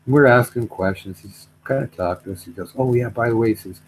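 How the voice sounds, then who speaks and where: A man's voice: mid-range voice, fast talker, slight background noise, poor audio. A middle-aged man telling a story in casual chat, rambling, repeating himself, trailing off.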